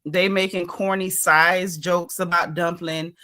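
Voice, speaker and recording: A woman's voice: on the low side, little pitch movement, measured pace, bright, forceful tone. A woman hosting a live stream, chatting casually and bluntly about a reality show and greeting viewers in the chat. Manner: chatty and opinionated, heavy on "you know" and "like".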